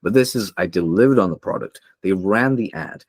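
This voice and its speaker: Speaking briskly and expressively in a deep voice, a young podcast guest shares candid stories from his life in conversation. He's earnest and emotional, often restarting and using fillers. The sound is clean studio audio with no room sound.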